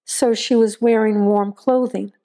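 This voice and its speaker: A woman voicing a seasoned small-town sheriff who speaks evenly and carefully. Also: fairly high pitch. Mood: measured. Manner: even, measured.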